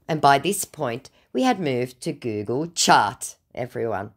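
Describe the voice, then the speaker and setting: A woman's voice: extremely low pitch, big pitch swings, a little slow, hardly any pauses. A woman host sarcastically retelling a chat with a scammer in a mocking tone. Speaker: scam-baiting video host.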